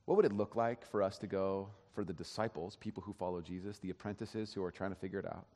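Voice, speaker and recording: A man's voice: deep voice, steady tone, fast, warm tone. A man giving a sermon as pastor, telling a story in a conversational way with frequent restarts. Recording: long hall reverb.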